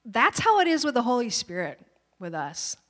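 Female pastor, 30s, fairly high voice, animated and chatty, acts out quoted voices, long church-hall reverb. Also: normal speed. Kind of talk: sermon with personal stories.

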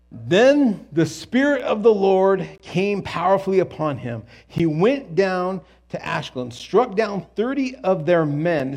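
Jokey husky man retelling a Bible story. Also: fairly high pitch. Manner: animated and jokey, with quick asides and restarts. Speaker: Bible teacher.

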